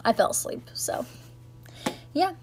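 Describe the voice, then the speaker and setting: A woman's voice: slow, heavy background noise. A young woman, chatting casually and rambling through a recap of her year, full of "like" and "um". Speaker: vlogger.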